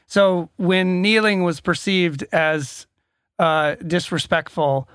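A man's voice: sits high, slow, a bit bright, clear, resonant tone, no echo, studio quality. A man co-hosting a casual talk show, asking questions and often repeating words as he gathers his thoughts. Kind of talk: casual chat.

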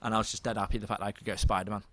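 Guy, lowish voice, dead enthusiastic games chat, dry. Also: flat delivery, very fast, a bit bright, dry recording. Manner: enthusiastic, chatty. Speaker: podcast co-host. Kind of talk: casual chat.

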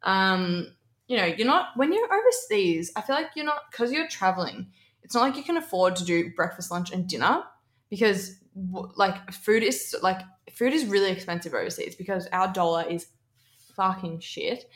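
A woman's voice: medium pitch, animated, normal speed, fairly bright tone. A young Australian woman, a podcast co-host, tells stories in casual chat, swearing freely and acting out the voices she quotes. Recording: echoey room.

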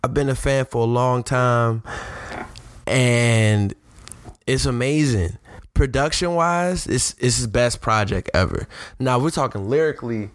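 A man's voice: medium pitch, measured pace, no room sound. A man co-hosting a podcast, talking casually and enthusiastically about rap albums in slangy speech. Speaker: podcast co-host. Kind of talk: casual hip-hop talk.

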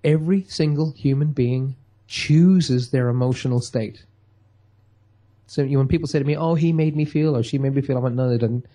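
A man's voice: mid-range voice, normal speed, warm tone. A man giving an emphatic motivational talk, acting out quotes in a radio-style chat. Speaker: guest speaker.

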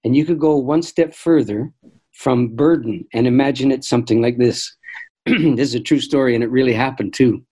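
An older man, a guest in an interview, telling stories in a thoughtful, measured way and often restarting his sentences. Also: medium pitch, warm tone, slightly rough, low-quality recording. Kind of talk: reflective storytelling conversation.

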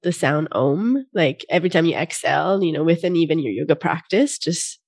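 A woman hosting a podcast interview, a yoga teacher who affirms her guest, sums up and asks calm questions. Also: low-pitched, a little fast, slightly rough, no room sound, studio quality.

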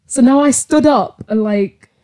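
A young woman hosting a podcast, telling a work story in a rambling, animated way and laughing through it. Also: fairly high pitch, measured pace. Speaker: podcast host. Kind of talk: casual chat, storytelling.

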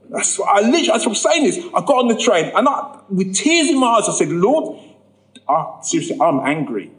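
Man, sermon testimony, lively swooping pitch, storytelling. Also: a little fast, low-quality recording. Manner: animated storytelling, acts out quoted voices, rises high when emphatic. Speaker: preacher giving testimony.

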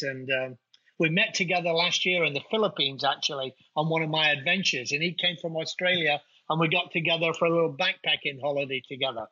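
Middle-aged Nottingham man, guest, chatty and colloquial, very bright voice, lo-fi sound. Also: on the high side. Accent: Nottingham English. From England. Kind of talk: casual interview chat.

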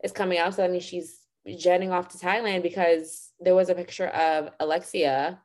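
A young woman co-hosting a podcast in casual chat, easygoing, laughing along and giving quick agreeing replies. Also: on the low side, level tone, a crowd in the background. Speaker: podcast co-host.

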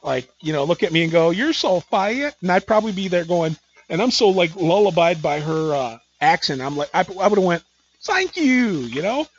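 A man's voice: a little high, fairly quick, husky, lo-fi sound. A man hosting a podcast interview, chatting casually and rambling through stories with lots of fillers. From Midwest United States. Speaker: podcast host.

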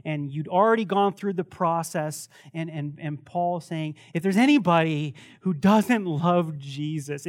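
High-voiced animated male pastor preaching. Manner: animated, laughing, repeats words when restarting. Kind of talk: sermon with closing prayer. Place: church service before a congregation.

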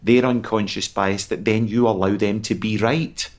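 A man with a Scottish accent, calmly explaining his ideas in a chat. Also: lowish voice, moderate pace. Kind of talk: casual chat.

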